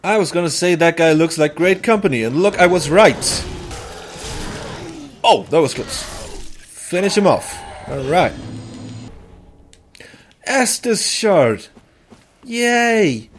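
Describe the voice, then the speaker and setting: Man, let's play host, sarcastic commentary, slightly high voice, slow delivery. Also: expressive, a little hiss or hum. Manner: sarcastic, jokey, exclaiming and laughing. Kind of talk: gameplay commentary.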